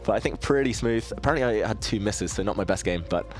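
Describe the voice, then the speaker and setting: A man's voice: lowish voice, expressive, fast, soft background music. A man, from southeast England, streaming his chess games and chatting casually with viewers as he thinks aloud, in a self-deprecating way. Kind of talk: casual live-stream commentary while playing.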